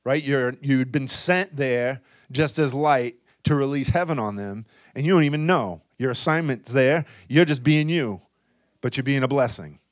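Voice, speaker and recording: A man's voice: normal speed, dry recording. Charismatic male preacher, dry close sound. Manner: swings from loud exhortation to low, soft intimacy; peppers talk with "come on" and "right?". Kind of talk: charismatic sermon.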